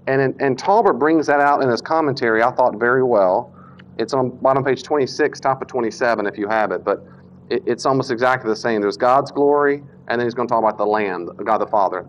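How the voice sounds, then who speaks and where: A man at a middle pitch gives a casual, animated Bible lecture, backing up to correct himself and slipping into the voices of the people he quotes. He speaks into a Bluetooth mic in a classroom or church hall. The recording is dull and lo-fi. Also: a little hiss or hum. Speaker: Bible teacher. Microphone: Bluetooth mic that cuts out.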